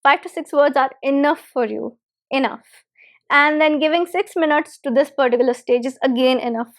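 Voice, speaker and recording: A woman with a high voice teaches an English-learning method step by step. She speaks patiently and gives direct instructions. She repeats her key points so they stick. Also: normal speed. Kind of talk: step-by-step spoken lesson.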